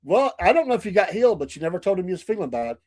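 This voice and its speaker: A man's voice: high voice, sing-song, very fast, a little mellow. A man co-hosting a casual livestream, reading viewer comments and telling rambling stories full of restarts. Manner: rambling storyteller with many restarts and fillers.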